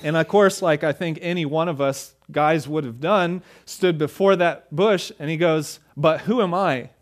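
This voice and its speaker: A pastor delivering a conversational sermon, often acting out the lines of the people in the story. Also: male voice, fairly high pitch, moderate pace. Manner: conversational preaching, acts out dialogue.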